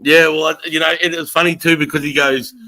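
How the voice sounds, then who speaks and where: The rough recording catches an Australian man hosting a livestream in a slightly high, pushed and bright voice with little pitch movement and a brisk pace. He chats casually, swears often, and laughs as he recounts things.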